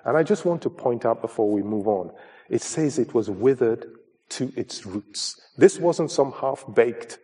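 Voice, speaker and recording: A man's voice: medium pitch, animated, measured pace, dark tone, husky. A man preaching a sermon, earnest and emphatic, who calls his listeners folks as he presses his point home.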